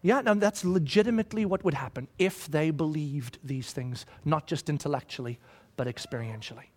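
Middle-aged guy preaching, pretty high voice, gets loud and emphatic then goes quiet and slow. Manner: emphatic, builds in rising waves then drops quiet and slow. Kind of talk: sermon.

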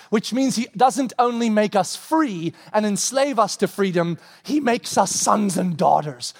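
A man preaching a sermon with animated delivery, acting out dialogue and rising to shouts at his peaks. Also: high voice. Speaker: pastor. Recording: long hall reverb.

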